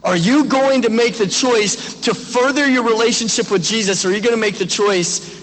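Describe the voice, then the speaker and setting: Pastor, man in his 30s, high tenor, earnest exhorting sermon, long hall echo. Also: normal speed, fairly bright tone, a little hiss or hum. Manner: earnest, exhorting, asks direct questions. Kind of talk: graduation sermon and prayer.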